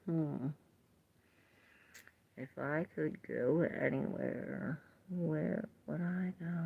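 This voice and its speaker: Gravelly, husky-voiced woman reading tarot. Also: lowish voice, darkish tone. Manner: chatty, reads viewer comments aloud, laughs often. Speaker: tarot reader. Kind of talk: live tarot reading, chatting with viewers.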